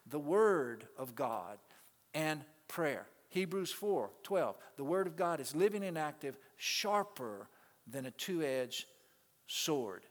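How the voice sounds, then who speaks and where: A male pastor preaching a sermon to his congregation, swinging between loud, emphatic peaks and quiet asides and calling out to the people in the pews. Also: fairly high pitch, sing-song, slow. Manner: calls out to the congregation. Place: church sanctuary. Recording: long reverb of a large hall.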